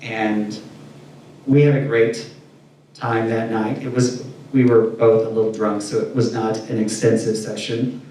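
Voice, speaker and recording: A man's voice: fairly low pitch, unhurried, slight background noise. A man from Indiana telling candid stories in a casual interview, acting out quotes as he goes. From Indiana, USA. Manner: candid, animated storytelling with acted-out quotes. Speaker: interview guest. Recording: distant mic in echoey room.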